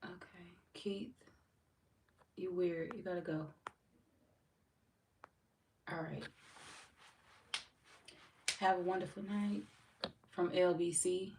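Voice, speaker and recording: Woman doing a live tarot stream, low voice, chill and cussing, mic kinda far so it's echoey. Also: steady tone, takes it slowly, creaky, pauses often, darkish tone. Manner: laid-back, swears freely, laughs often. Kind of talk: casual live-stream chat reading comments. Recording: roomy echo from far off mic, faint background noise.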